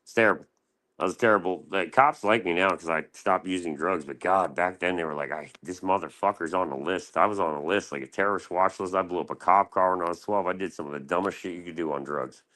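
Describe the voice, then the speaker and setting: Deep-voiced and fast-talking, with a pushed, bright sound, this Florida man from the USA spins crude, heavily profane stories on a livestream panel. He casually acts out other people's lines in a raised voice.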